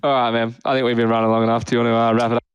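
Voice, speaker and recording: A man's voice: mid-range voice, flat delivery, racing, clear, resonant tone, dry recording. A young man co-hosting a casual podcast, rambling and laughing often, with the odd swear word. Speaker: podcast co-host. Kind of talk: casual chat.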